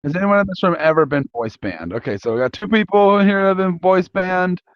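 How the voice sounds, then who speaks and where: A young man hosting a convention panel, talking casually to the audience in a halting way with many restarts. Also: sits high, animated, no room sound. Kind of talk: live panel talk polling an audience. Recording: dull lo-fi recording.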